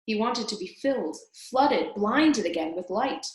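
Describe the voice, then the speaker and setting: Storybook reader: an expressive woman in a roomy space, mid pitch. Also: a little slow. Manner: expressive, addresses listener as "reader". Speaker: storyteller reading to children. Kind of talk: reading a children's novel aloud. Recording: roomy echo.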